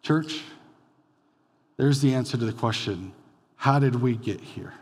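A male pastor preaching a conversational sermon, rising to loud emphatic bursts and dropping to quiet lines. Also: medium pitch, unhurried, husky, big-room sound. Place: church sanctuary.

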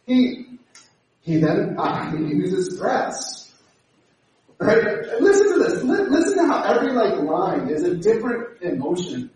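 A man preaching a sermon, animated and acting out the voices he quotes. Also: sits high, measured pace, slight background noise. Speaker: pastor. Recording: echoey hall from far off.

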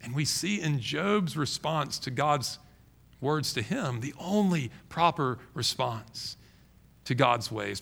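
A man preaching a sermon as pastor, emphatic and animated, often restarting his phrases. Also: on the high side, vocal fry.

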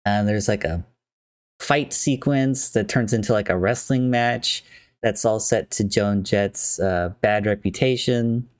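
Low-voiced man casually recapping a film. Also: measured pace, no room sound, clean studio sound. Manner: rambling, filler-heavy, chatty.

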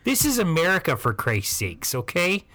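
A man's voice: wildly swooping pitch, normal speed, over a noisy crowd. A man imitating a prejudiced older grandmother with a Midwestern accent, making indignant exclamations. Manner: indignant exclamations, high and shrill.

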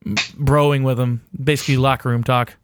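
A man's voice: mid-range voice, flat delivery, normal speed, clean tone. A man hosting a podcast in casual chat, loose and profane, with lots of filler uhs. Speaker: podcast host.

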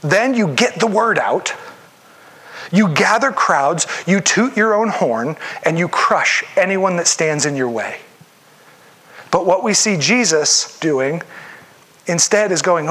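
A man preaching a sermon in a relaxed, conversational way, often acting out the voices of the people he quotes. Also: high voice, measured pace. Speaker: pastor.

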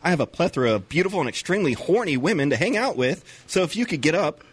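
Dude doing a needy lonely guy, fakes being popular, husky voice jumping all over the place. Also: on the high side, big pitch swings, fast talker, no room sound. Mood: coaxing. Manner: eager, overly sweet and wheedling. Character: clingy lonely young man faking popularity. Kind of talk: comedy sketch acting.

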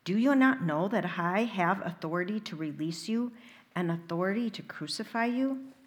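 A woman's voice: mid-range voice, animated, moderate pace, lightly acted. A woman reading as a questioning Roman governor. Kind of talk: liturgical Gospel reading.

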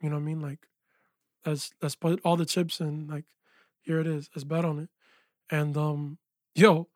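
A man, a music producer and engineer, telling his story in a casual interview with animated energy, saying "yo" and "like" a lot. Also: fairly high pitch, no room sound, studio quality. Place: small recording studio.

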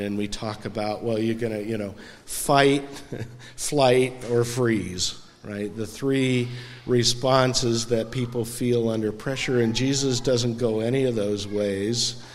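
Male pastor, unhurried and conversational, church sanctuary with long reverb. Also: mid-range voice. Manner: conversational, asks the congregation questions. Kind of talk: sermon.

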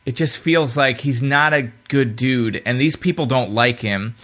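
A man with a bright, forward tone chats on a podcast. His pitch sits in an ordinary middle range. He talks fast and piles on opinions, now and then slipping into a mocking voice to quote a character. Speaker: podcast co-host. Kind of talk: casual podcast discussion.

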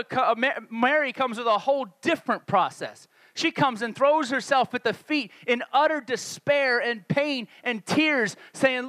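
A man's voice: very high voice, normal speed, hardly any pauses, a bit bright, no room sound. A male pastor preaching a conversational sermon, acting out the voices of the people he quotes.

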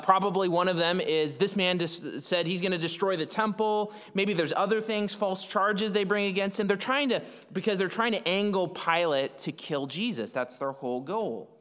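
A man's voice: a little high, a bit bright. A male pastor preaching a sermon in an explanatory way, often restarting phrases and using fillers. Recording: long hall reverb.

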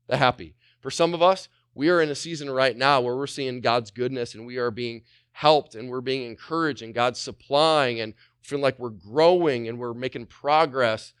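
Energetic man preaching a sermon. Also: medium pitch, moderate pace, clear, resonant tone, no room sound, clean studio sound. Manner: energetic, repetitive, voices the speakers he quotes. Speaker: pastor.

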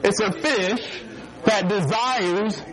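A man's voice: high voice, drawn-out words, crowd noise, poor audio. A man preaching a casual, joking sermon to a youth group, often mimicking people and laughing along with his listeners. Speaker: youth pastor.

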